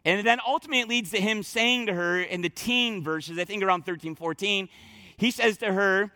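A man preaches a sermon with a high, bright voice. He talks emphatically, doubling words and restarting phrases as he drives each point home. The sound is close and dry. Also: brisk, no echo. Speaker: pastor.

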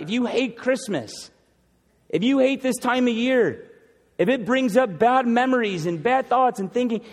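A man preaching a sermon, earnest and pleading, dropping from loud, fast lines to hushed ones. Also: very high voice, long reverb tail.

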